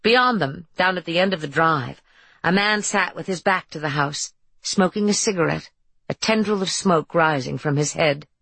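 A woman narrating an audiobook in a measured, even reading. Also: on the low side, vocal fry, breathy edge, dry recording. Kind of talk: scripted narration.

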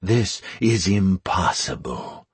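A man's voice: low voice, sing-song, slow pace, slightly rough, no room sound, heavily acted. A man voicing an imperious male vampire patriarch in an audiobook, with a stern, demanding delivery.

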